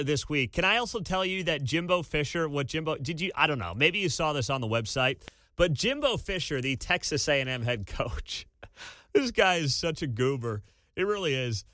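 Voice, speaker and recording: A man's voice: a little high, no room sound, studio quality. Fired-up male sports radio host. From Kansas City area. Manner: animated, incredulous rants with sudden shouting. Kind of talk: sports talk radio monologue.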